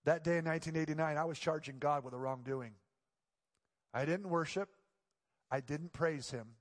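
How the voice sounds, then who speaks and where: High-voiced preaching man in a reverberant hall. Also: a little slow, long pauses. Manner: storytelling, rising to loud pleading passages. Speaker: pastor. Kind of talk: sermon. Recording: long church reverb.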